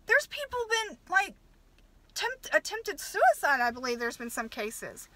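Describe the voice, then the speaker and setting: Southern-born woman vlogger, heated rant, high pitch, dry recording. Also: big pitch swings, pushed and bright, no echo. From American South. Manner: heated, swearing, halting restarts. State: upset. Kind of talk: angry rant to camera.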